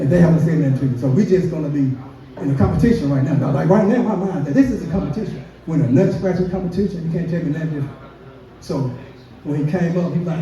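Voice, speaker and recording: A man's voice: a little high, fast, mellow. A man doing a profane stand-up comedy set, telling a work story and acting out the quotes. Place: brewery comedy stage. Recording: dull, echoey room from a distance.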